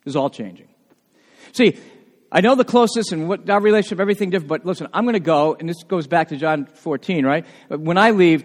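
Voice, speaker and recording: A man preaching a sermon as pastor, telling stories in an animated way and often restarting his words. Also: a little high, big-room sound. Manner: animated storytelling with frequent restarts.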